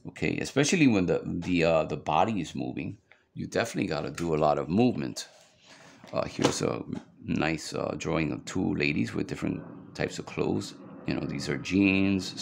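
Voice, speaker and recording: Brief: deep, gravelly male art instructor, loose and chatty. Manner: rambling, chatty, lots of fillers. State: hiccups. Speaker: drawing instructor. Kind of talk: casual drawing tutorial.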